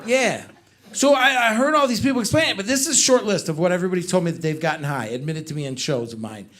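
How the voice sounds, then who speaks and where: A man doing a stand-up comedy set, telling animated stories and putting on voices for friends. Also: high-pitched, quick pace. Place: comedy club stage with live audience. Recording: loud live crowd laughter. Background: audience laughter.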